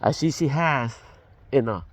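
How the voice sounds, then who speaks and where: A man's voice: mid-range voice, a little slow, dry recording. An older man telling a personal testimony in a casual, rambling way, with restarts and fillers and the dialogue acted out as he goes. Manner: reenacts dialogue as he tells it. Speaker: storyteller.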